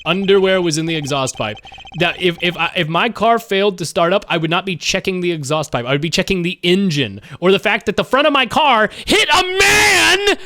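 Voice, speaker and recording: A man in his twenties giving casual livestream commentary while gaming, animated and rambling, quick to launch into a rant. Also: high-pitched, no echo. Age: 20s. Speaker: streamer.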